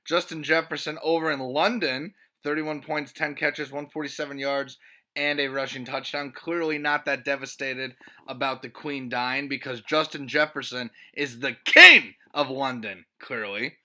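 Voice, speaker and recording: A man hosting a fantasy football league recap, sarcastic and excitable, with sudden loud bursts of mock disbelief. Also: medium pitch, moderate pace. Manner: sarcastic, excitable, profane, with swings between flat and loud disbelief. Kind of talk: comedic sports recap.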